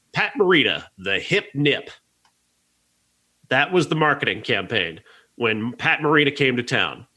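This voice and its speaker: Male podcast critic, bright edge to the voice, earnest rambling delivery. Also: medium pitch. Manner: earnest, rambling, frequent restarts and laughs. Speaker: podcast movie reviewer. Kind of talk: casual review chat.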